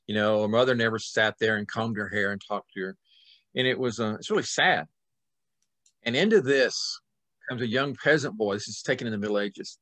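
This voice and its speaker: Male author guest, middle-aged, animated yarn-spinner, dry close recording. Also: fairly low pitch, dry recording. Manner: lively, acts out scenes with sudden loud and soft swings. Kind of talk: animated storytelling in conversation.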